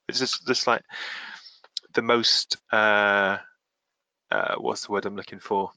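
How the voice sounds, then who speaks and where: A man's voice: fairly low pitch, steady tone, slow pace, pauses often, sharp tone, no echo. A man hosting a casual comic-book podcast, recapping the plot with quoted lines and frequent laughs. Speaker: podcast host.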